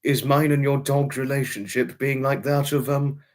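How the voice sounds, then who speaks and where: A man's voice: medium pitch, fairly even intonation, normal speed. A man hosting a casual livestream, rambling chattily and greeting viewers by name. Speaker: livestream host.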